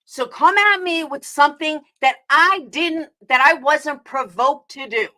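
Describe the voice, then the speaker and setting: A woman's voice: high-pitched, a little slow, pushed and bright. A woman from New York with a New York accent, ranting angrily on a live stream and firing back at her chat with heavy profanity. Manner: heated, profane, confrontational, answering chat. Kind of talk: angry live-stream rant.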